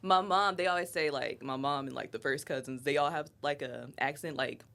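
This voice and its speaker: A woman's voice: sits low, a little fast, vocal fry, a bit bright. A woman in her thirties with an Ohio accent, chatting casually as a podcast guest and laughing often. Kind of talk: casual chat.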